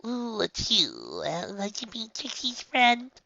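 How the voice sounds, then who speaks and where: A woman's voice: on the high side, huge pitch swings, takes it slowly, vocal fry, slight background noise, voice pushed up, heavily acted. A woman voicing a once-boastful young female unicorn who sometimes calls herself by name, recorded on a dull lo-fi home setup. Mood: reminiscing. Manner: speaks of herself in third person at times, soft storytelling.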